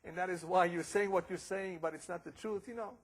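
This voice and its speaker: A man's voice: high-pitched, a little fast, a little hiss or hum, voice pushed up, lightly acted. A man voicing an aggrieved middle-aged male tailor, pleading and indignant in a story. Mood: doubtful.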